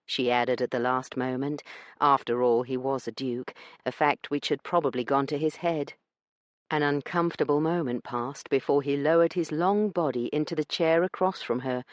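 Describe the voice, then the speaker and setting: A man's voice: medium pitch, normal speed, dry recording, clean studio sound. Man narrating a romance audiobook.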